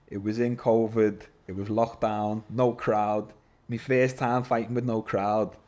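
A man, a guest telling his story in an animated, casual way, swearing and calling everyone lad. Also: lowish voice, moderate pace. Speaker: podcast guest, MMA fighter.

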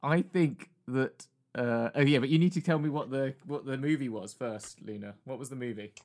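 A man casually hosting a party game, laughing often and tossing quick asides. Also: mid-range voice, darkish tone. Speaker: game host.

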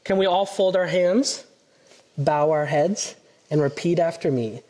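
A pastor reading a Bible storybook to children during a church service, speaking gently and encouragingly. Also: male voice, a little high, measured pace. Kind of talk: children's story time and sermon. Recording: reverberant church hall.

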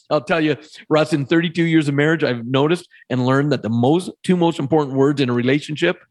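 A man in his fifties, a podcast guest, telling a personal story in a lively way and acting out the voices of the people in it. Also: a little high, brisk, hardly any pauses. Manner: animated storyteller, acts out quoted voices.

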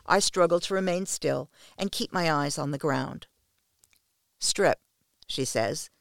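A woman narrating an erotic story in the first person, in a steady, intimate storytelling manner. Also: low voice, normal speed, creaky, no room sound, studio quality.

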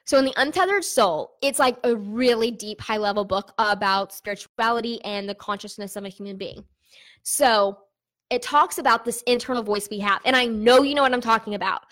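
A woman's voice: on the high side, brisk, a bit bright. A young woman running an online business, talking candidly and chattily to her viewers in a casual vlog, with lots of fillers.

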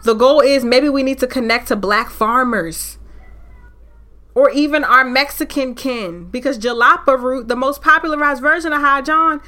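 A woman with a fairly high voice hosts a solo podcast, ranting fiercely and preaching with mounting anger at normal speed. She is fiery and preachy, getting loud at times.

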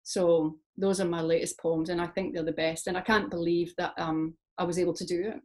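A Scottish woman poet with a low-ish voice speaks fairly quickly as an interview guest. She talks reflectively and tells animated stories, using lots of fillers.

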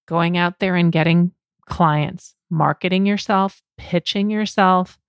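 A woman's voice: on the low side, vocal fry, no echo, clean studio sound. A woman in her fifties, a business coach, talking earnestly and conversationally in a solo podcast monologue. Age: 50s.

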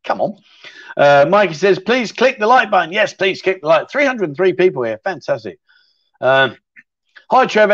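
A man's voice: high-pitched, expressive, moderate pace. A man hosting a casual livestream chat show, reading out viewer questions and chatting with lots of fillers and restarts. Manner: chatty, repeats words, frequent fillers and self-restarts. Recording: slightly dull, lo-fi sound.

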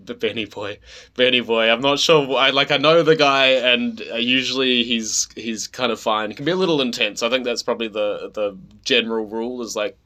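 A man co-hosting a casual chat, telling stories in a halting, rambling way with many restarts. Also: mid-range voice, pushed and bright. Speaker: podcast co-host.

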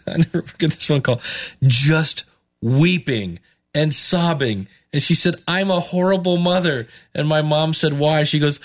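A man's voice: fairly high pitch, a little slow. A man hosting a podcast in casual chat, rambling with many restarts and chuckles. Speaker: podcast host reviewing podcasts.

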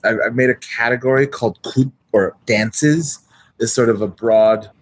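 A man's voice: mid-range voice, steady tone, normal speed, slightly rough, no echo. A man chatting as a player while building a tabletop character, rambling and hesitant with many restarts. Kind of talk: tabletop character creation chat.

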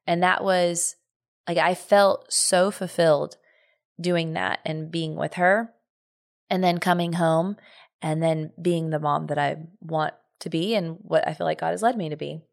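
A woman's voice: sits low, fairly even intonation, measured pace, vocal fry. A woman co-hosting a podcast, talking in an earnest, reflective way in casual chat. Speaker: podcast co-host.

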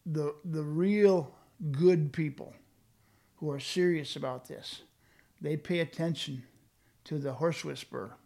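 A man's voice: a little high, measured pace, vocal fry, dark tone. An older man speaking reflectively in a conversational discussion, with frequent fillers and restarts. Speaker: guest speaking on leadership.

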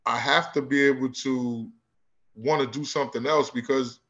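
A man, a high school basketball coach, tells his stories with energy, mimicking the people he quotes. His voice sits at an ordinary pitch for a man. The recording sounds slightly dull and lo-fi. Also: moderate pace. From Newark, New Jersey. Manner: animated storyteller who acts out quoted voices. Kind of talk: casual interview storytelling.

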